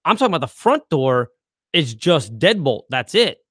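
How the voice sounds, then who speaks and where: A man's voice: fairly high pitch, sing-song, normal speed, fairly bright tone, no echo, studio quality. A man chatting on a podcast, giving blunt, wry opinions in a casual way. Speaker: podcast co-host. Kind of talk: casual chat.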